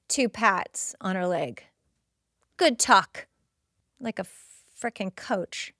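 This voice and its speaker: A middle-aged woman hosting a podcast, recapping an episode in casual, expressive commentary. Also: mid-range voice, takes it slowly, long pauses, no echo, studio quality. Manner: expressive, slips into quoted dialogue. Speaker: podcast host.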